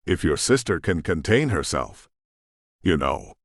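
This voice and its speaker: A man's voice: sits low, big pitch swings, measured pace, dry recording, clean studio sound, exaggerated voice. A man voicing a guarded male shifter leader in an audiobook, level and commanding. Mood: stern.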